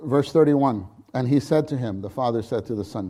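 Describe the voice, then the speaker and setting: A man preaching a sermon on scripture, often restarting his words and acting out quotes with loud, high bursts. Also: brisk, hardly any pauses, husky. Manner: frequent restarts and repeated words.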